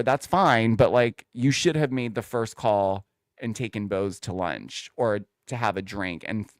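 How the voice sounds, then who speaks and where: A man hosts a casual reality TV recap, talking straight to his viewers in a chatty, opinionated way. His pitch swoops around a lot as he talks. The voice is smooth and clear, recorded dry and close. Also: no echo. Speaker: host.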